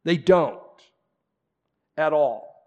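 A male pastor preaching a sermon, emphatic and conversational, swinging between loud declarations and quiet asides. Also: a little high, very slow.

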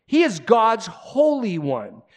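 Male pastor, fairly high-pitched, emphatic conversational preaching with loud bursts and hushed asides. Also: wildly swooping pitch, slow. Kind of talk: sermon.

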